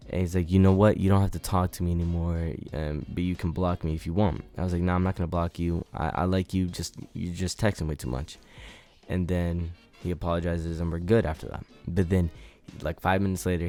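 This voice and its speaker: A man's voice: low-pitched, darkish tone. A young man vlogging casually, telling a personal story in a laid-back way full of "like" and "man". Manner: laid-back, filler-heavy, repeats "like" and "man".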